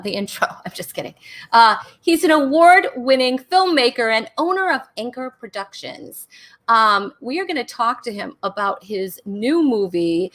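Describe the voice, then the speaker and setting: A woman's voice: fairly high pitch, a bit bright. A woman hosting a live online comedy talk show, bubbly and chatty, giggling and restarting her sentences as she goes. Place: home in Rhode Island during a thunderstorm.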